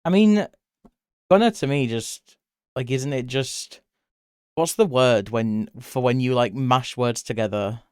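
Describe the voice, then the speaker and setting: A chatty British man rambles through a casual live stream, laughing often, his voice jumping up when excited. His tone is smooth and clear at a middle pitch. The sound is dry and close, with no room echo. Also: unhurried. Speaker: livestreamer.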